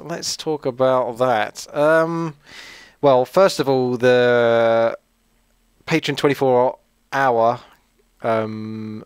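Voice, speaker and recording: A man's voice: medium pitch, smooth, no room sound. A man from Essex, England hosting his channel, answering viewer questions in a rambling, friendly chat full of fillers and asides. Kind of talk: casual chat.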